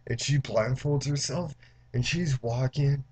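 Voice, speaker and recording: This male movie reviewer gives a loose, profane, spoiler-filled recap, rambling with lots of "like" and restarts. He briefly acts out characters' lines in quick mock voices. His voice is medium-pitched and darkish, with a breathy edge.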